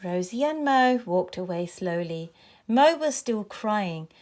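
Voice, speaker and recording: A woman reading a children's story aloud in a clear, expressive way. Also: mid-range voice, slow pace, slight background noise.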